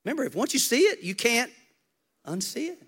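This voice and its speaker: A male pastor preaching an energetic, humorous sermon, telling Bible stories and swinging from loud, high calls to hushed, intimate stretches. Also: a little fast, slightly rough.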